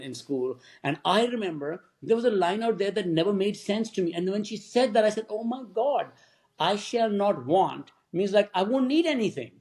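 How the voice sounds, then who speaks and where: A man in his fifties or sixties, a film director guest on a podcast, telling lively stories, acting out quoted dialogue and laughing often. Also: high voice. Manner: animated storyteller who acts out quoted dialogue; laughs often while talking. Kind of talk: podcast interview storytelling.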